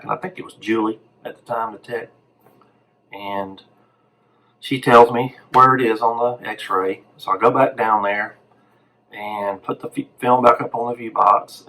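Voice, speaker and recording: A man's voice: on the low side, vocal fry, pushed and bright, low-quality recording. A man, a radiology tech, telling a personal anecdote in an easygoing way. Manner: easygoing storyteller, retelling an exchange. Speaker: radiology technologist.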